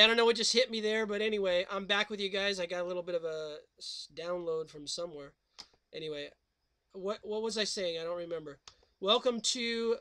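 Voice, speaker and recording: A man's voice: high voice, sharp tone. A man hosting a call-in radio show, chatting in a rambling, scatterbrained way and breaking into snatches of song. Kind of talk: casual call-in radio chat.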